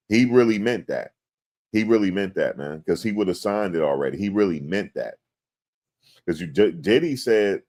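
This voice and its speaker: A man giving casual commentary on a court case to his viewers, talking in loose slang and acting out quotes. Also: low voice. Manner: animated, slangy, acts out quotes in exaggerated voices. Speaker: commentary host. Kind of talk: casual live-stream commentary.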